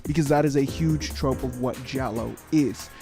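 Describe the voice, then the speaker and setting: A man's voice: medium pitch, moderate pace, music in the background. A man giving a casual video essay as a YouTuber, joking and rambling with lots of fillers and swearing.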